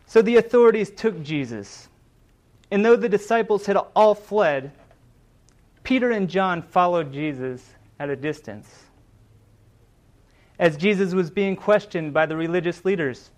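High-voiced man preaching a sermon. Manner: earnest, dramatic retelling of scripture with emphatic quoted lines.

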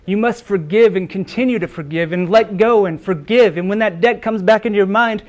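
Male pastor, high-pitched, earnest sermon delivery with small restarts. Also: fairly quick, few pauses, darkish tone. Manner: earnest preaching with repeated words and brief restarts.

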